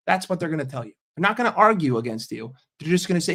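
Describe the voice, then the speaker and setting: A man's voice: fairly high pitch, very animated, fast, fairly bright tone. An American man in a sarcastic, combative rant on a fan stream, swearing often. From United States. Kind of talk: ranting live stream.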